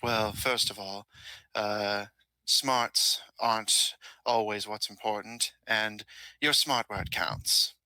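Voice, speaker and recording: A man voicing a kindly adult male elf who is an adoptive father, speaking gently and wistfully with a teasing streak. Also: on the low side, steady tone, slow, clear, resonant tone, no echo, heavily acted, low-quality recording. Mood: gentle.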